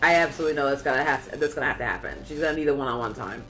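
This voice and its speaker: A woman's voice: very deep voice, rapid-fire, a bit bright, soft background music, poor audio. A woman streamer talking in a rambling, chatty way while she plays, swearing casually now and then. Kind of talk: casual gameplay chat.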